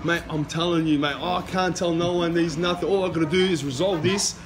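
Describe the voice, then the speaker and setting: A man working security, trying to calm a shouting driver, repeating himself in a soothing way. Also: on the high side, brisk. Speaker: security guard mediating. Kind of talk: heated argument.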